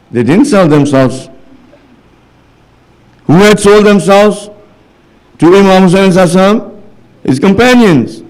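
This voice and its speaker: Man, gravelly voice, fairly high pitch, preaching a sermon in a mosque hall. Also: a little mellow. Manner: rises to impassioned, high-pitched pleading near the end; retells stories with quoted dialogue. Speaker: religious speaker. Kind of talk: majlis sermon.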